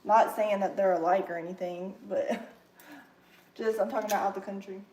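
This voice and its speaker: A woman's voice: medium pitch, fairly even intonation, fairly quick, darkish tone, slight background noise. A woman with a Kentucky accent, chatting casually with viewers while she cooks in her home kitchen and laughing often. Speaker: livestream cooking host. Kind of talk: casual livestream chat while cooking. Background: sizzling pan.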